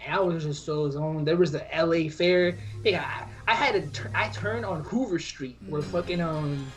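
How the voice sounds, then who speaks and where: A man's voice: a little high, moderate pace, soft background music. A young man co-hosting a podcast in casual chat, rambling with slang and many restarts. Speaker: podcast co-host.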